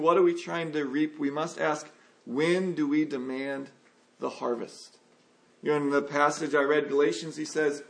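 A man's voice: creaky, a bit bright. A man preaching an earnest sermon, sometimes acting out a frustrated listener's complaints. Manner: earnest, acts out complaining voices with rising pitch.

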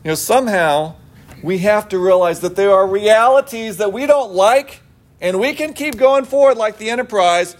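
A man's voice: sits high, moderate pace. A middle-aged male pastor giving a sermon in an earnest, conversational way, mixing scripture with everyday personal stories.

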